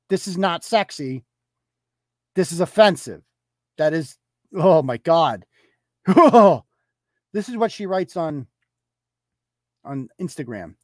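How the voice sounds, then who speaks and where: A man's voice: sits high, a little mellow, no echo, studio quality. A man hosting a live commentary show, talking in a sarcastic, profane, mocking way. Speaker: host.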